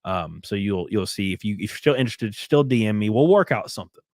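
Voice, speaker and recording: A man's voice: lowish voice, lively intonation, fast, no echo, studio quality. Crude joking male streamer. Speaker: livestream host. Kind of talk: casual livestream chat.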